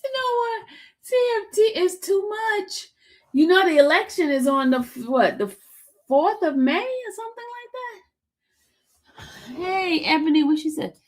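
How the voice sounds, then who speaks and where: A woman's voice: very high voice, very animated, moderate pace. A woman hosting a casual live stream, teasing her chat and laughing often. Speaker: livestream host.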